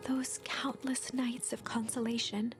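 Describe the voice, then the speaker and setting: A woman narrating a storybook game in a soft, hushed, often whispered delivery, with game music behind her. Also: on the high side, little pitch movement, measured pace, background noise, natural voice.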